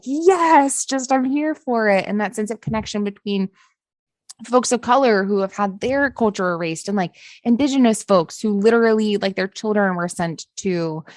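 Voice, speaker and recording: A woman's voice: mid-range voice, no echo. A woman hosting a podcast interview, talking earnestly and casually, full of "like" fillers and the odd swear word. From Appalachia. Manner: earnest, heavy use of "like", swears. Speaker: podcast host.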